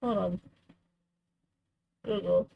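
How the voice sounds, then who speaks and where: A young woman speaks very slowly in a narrow voice while hosting a crafting livestream, chatting casually and rambling with lots of "like" and "you know." The audio sounds tinny, with slight background noise.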